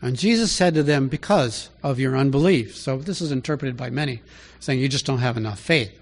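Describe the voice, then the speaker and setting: A man preaching a conversational Bible teaching, asking rhetorical questions and rising in pitch to stress his points. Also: a little fast. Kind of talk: sermon teaching.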